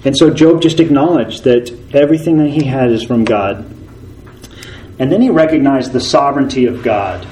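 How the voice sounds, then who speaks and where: A male pastor delivering a sermon in an earnest, steady voice at a middling pitch. He leans on repetition to drive his points home. When he reads scripture, he slows to a measured pace. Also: a little hiss or hum, poor audio. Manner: earnest, repeats key phrases for emphasis.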